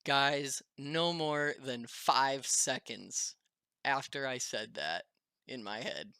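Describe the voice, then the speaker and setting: A man telling a story to his viewers in a casual, animated, chatty way, often breaking into laughter. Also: medium pitch, clear, resonant tone, dry recording, clean studio sound. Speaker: vlogger.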